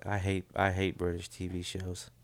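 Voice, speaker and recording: A middle-aged man co-hosting a casual chat, relaxed and chuckling often, trailing off into mumbles. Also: low voice, normal speed, no echo.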